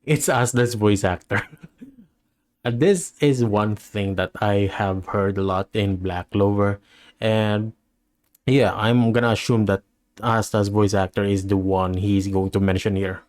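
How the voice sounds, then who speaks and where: A man with a somewhat low voice hosts a reaction video. He talks casually and muses out loud. He trails off and restarts often and laughs along the way. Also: fairly even intonation, measured pace. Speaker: reaction channel host.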